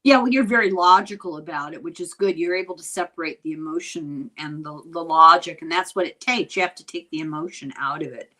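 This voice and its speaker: A woman's voice: lowish voice, a little fast, hardly any pauses. An older Irish woman chatting casually as co-host, sympathetic and a little scattered. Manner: animated, sympathetic, trails off while searching her knitting. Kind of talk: casual chat.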